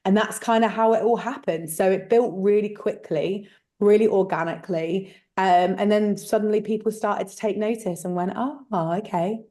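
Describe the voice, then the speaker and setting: A woman's voice: medium pitch, fairly even intonation, moderate pace, dark tone. A woman talking casually and frankly in an interview, telling stories with lots of fillers. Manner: chatty, frank storytelling with many fillers. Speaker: guest, letting agent.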